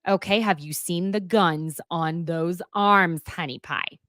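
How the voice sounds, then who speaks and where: A woman hosting a live recap, talking in a sassy, animated way, swearing and laughing often as she comments. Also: lowish voice, slow, dry recording, clean studio sound. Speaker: host of a live recap show. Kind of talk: casual reality-TV recap commentary.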